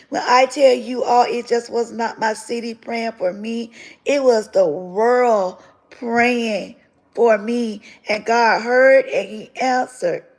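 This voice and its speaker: A woman's voice: fairly high pitch, a little mellow, rough recording. A woman on a livestream giving an emotional spoken testimony, fervent and repeating phrases for emphasis. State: tearful at times. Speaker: livestream host sharing her testimony.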